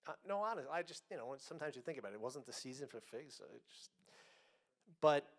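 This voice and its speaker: A man preaching a sermon. He speaks emphatically, slows on key words, and swings between loud and soft. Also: mid-range voice, animated.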